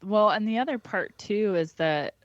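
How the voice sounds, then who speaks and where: A woman's voice: medium pitch, expressive, normal speed, dry recording, dull audio. A woman co-hosting a podcast, chatting casually about a movie and laughing often. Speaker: podcast co-host.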